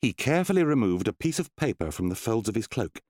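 Expressive male storybook narrator. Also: on the low side, quick pace, dry recording. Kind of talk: audiobook reading. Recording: dry close studio sound.

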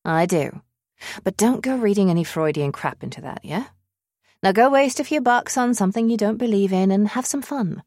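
A woman's voice: mid-range voice, expressive, normal speed, a little mellow, no room sound, studio quality, pitched above the performer's own voice, close to an everyday voice. A woman doing a teasing British friend. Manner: breezy, teasing, affectionate. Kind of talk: audiobook character voice.

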